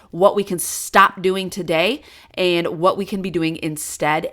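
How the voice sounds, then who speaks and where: A woman's voice: on the low side, a bit bright. A woman who taught in schools, enthusiastically explaining reading skills to parents with everyday examples. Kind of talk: teaching talk to parents.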